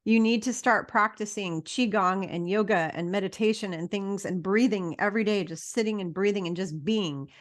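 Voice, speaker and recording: A woman's voice: mid-range voice, normal speed, hardly any pauses. A middle-aged woman hosting a casual interview show, talking emphatically and bluntly, swearing freely as she lectures her listeners. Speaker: podcast host.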